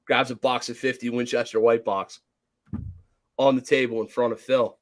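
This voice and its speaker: A man's voice: medium pitch, normal speed. A man co-hosting a podcast, telling a rambling story in casual chat, swearing freely and acting out the people he quotes. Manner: profane, animated storyteller who acts out quotes. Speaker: podcast co-host.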